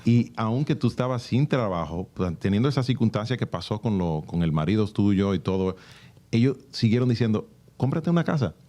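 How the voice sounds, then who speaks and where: Fast-talking male radio host, low voice. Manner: switches between English and Spanish, addressing listeners as señores; energetic, leading questions. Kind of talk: interview.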